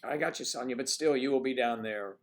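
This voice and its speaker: A man's voice: medium pitch, a little fast. A man hosting a livestream, chatting casually with viewers in a rambling, teasing way. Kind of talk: casual chat.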